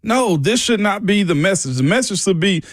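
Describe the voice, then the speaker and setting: Animated male radio co-host talking trash. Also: high voice, moderate pace, dry recording, clean studio sound. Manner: animated, fiery trash talk, casual slang. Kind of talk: sports talk radio. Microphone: studio microphone.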